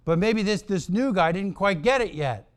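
A man preaching a sermon, telling a story in a deliberate, emphatic and dramatic way. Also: sits high, animated. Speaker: pastor.

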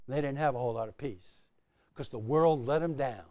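A pastor preaching a sermon, swinging between loud emphatic lines and quiet dropped phrases, repeating key words for emphasis. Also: male voice, mid-range voice, moderate pace, no echo, clean studio sound.

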